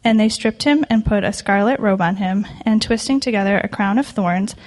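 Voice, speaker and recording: A woman reading scripture aloud in a church service, clear and even. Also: medium pitch, normal speed. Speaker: scripture reader.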